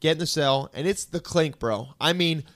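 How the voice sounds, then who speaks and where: A man's voice: fairly high pitch, moderate pace, fairly bright tone, no echo. A young man casually telling a long story to friends, laid-back and self-mocking, quoting what people said to him. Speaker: podcast co-host telling a story.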